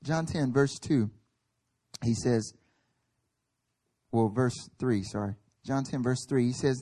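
A man's voice: medium pitch, takes it slowly, pauses often, mellow. A male pastor preaching a sermon at a church service, emphatic and building in intensity, acting out little quoted voices.

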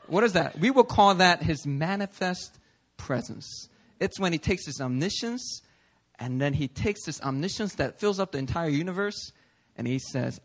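High-voiced man preaching casually. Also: normal speed. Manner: animated, peppers talk with "okay?" and "right?"; acts out listeners' voices in quotes. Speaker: pastor. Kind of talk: conversational sermon. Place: church sanctuary.

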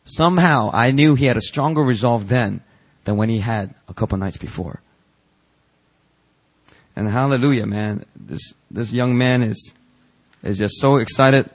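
A man pastor preaching a sermon in church, telling stories and reading out emails with lively emphasis. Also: medium pitch, unhurried, pauses often.

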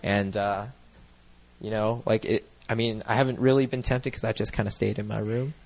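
A young man giving a personal testimony into a microphone at a church gathering, earnest and rambling, full of "like" and "you know" and quick to laugh. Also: fairly low pitch, flat delivery, creaky, darkish tone.

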